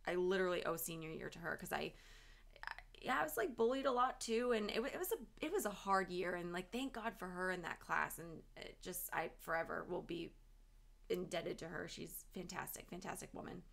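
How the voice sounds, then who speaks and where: Chatty female podcast co-host, forceful tone, gravelly edge. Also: fairly low pitch, fairly quick. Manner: chatty, full of "like" fillers. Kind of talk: casual chat.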